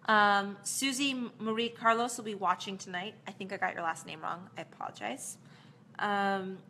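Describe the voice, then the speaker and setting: Bright, chatty woman answering fans. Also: mid-range voice, fairly even intonation, normal speed, slight background noise. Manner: chatty, rambling, with fillers and laughs. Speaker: actress answering fan questions. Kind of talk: casual live Q&A.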